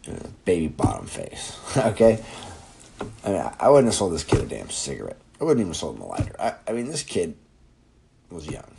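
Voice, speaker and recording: A man's voice: low-pitched, wildly swooping pitch, brisk, gravelly, mellow, slight background noise, rough recording. A man in his twenties hosting his own podcast, rambling and joking with plenty of swearing in casual monologue. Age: 20s. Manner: profane, rambling, jokey. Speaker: podcast host.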